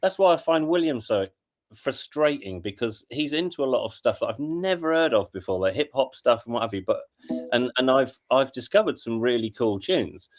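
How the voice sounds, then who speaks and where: A man's voice: mid-range voice, animated, moderate pace. A man chatting as a guest on a group video call, friendly and hesitant, often restarting his sentences. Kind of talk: casual group chat.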